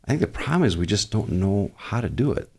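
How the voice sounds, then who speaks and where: A male pastor with a notably low voice and vocal fry speaks briskly in a relaxed podcast interview. Earnest and conversational with easy humor, he explains at length while thinking aloud, frequently circling back to restart his points.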